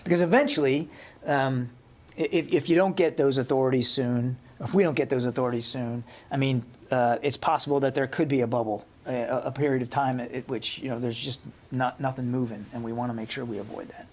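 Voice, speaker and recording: A middle-aged man fielding questions at a press briefing in a briefing room. His voice sits at an ordinary pitch, and he speaks haltingly, repeating words as he gathers his answers. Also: steady tone, darkish tone. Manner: halting, many restarts and fillers. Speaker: press secretary.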